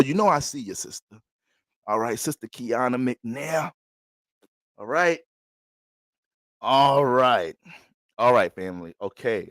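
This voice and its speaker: Profane, animated New man. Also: medium pitch, dry recording. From New York. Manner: profane, laughing, animated, rambling. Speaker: astrology reader. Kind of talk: casual livestream reading.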